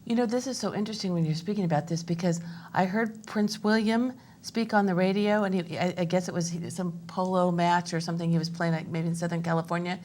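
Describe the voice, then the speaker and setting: A woman's voice: lowish voice, fairly even intonation, fast, hardly any pauses, darkish tone. A woman hosting an arts interview, chatty and thinking aloud as she shares her own observations. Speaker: interview host. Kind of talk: conversational interview.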